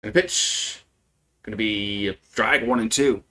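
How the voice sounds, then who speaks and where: A man calling a softball game play by play on a live stream from home, in a casual, chatty way. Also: lowish voice, measured pace. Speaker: play-by-play commentator. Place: at home with a barking dog.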